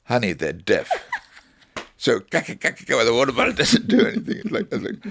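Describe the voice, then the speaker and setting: A man's voice: mid-range voice, fairly quick, creaky, slight background noise. A man, a snake wrangler, talking bluntly in casual chat and acting out little scenes. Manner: blunt, animated storyteller, acts out voices.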